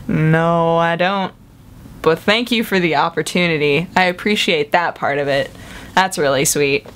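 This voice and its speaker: A young woman in her twenties vlogging in casual chat, chatty and animated, acting out quoted voices with big jumps in pitch. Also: unhurried.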